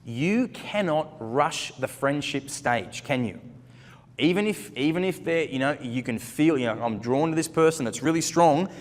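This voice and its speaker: A man's voice: on the high side, expressive, moderate pace. A man speaking as a Christian ministry speaker, giving earnest, conversational advice and telling stories, often repeating words as he searches for them. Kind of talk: advice talk with storytelling. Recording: long hall reverb.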